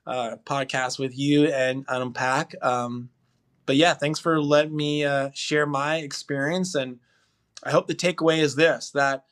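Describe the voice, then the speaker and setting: A man with a slightly higher voice tells a long personal story in relaxed podcast chat. He rambles, restarts and fills with "like" and "you know", and his telling is animated. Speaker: podcast guest, husband.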